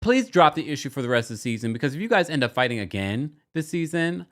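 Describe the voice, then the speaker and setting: A man hosting a casual livestream recap, chatty and animated, often breaking into exaggerated quotes of the people he talks about. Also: quick pace. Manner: animated, chatty, slips into quoting people in exaggerated high voices. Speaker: podcast host recapping a reality show.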